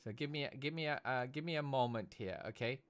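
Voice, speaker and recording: A man's voice: mid-range voice, fast talker. A man from Britain hosting a casual live stream, chatty and tagging "okay?" onto nearly every phrase. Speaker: livestream host and esports commentator.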